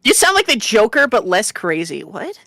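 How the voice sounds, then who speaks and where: A young woman streaming a game, chatting casually and swinging between loud outbursts and quiet mumbles. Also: medium pitch, big pitch swings, moderate pace, no room sound, studio quality. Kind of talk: casual chat while gaming.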